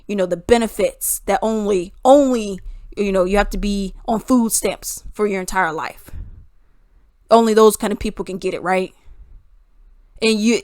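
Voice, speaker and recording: A woman's voice: medium pitch, no echo, clean studio sound. A young adult woman vlogging an opinionated monologue, emphatic and full of rhetorical questions.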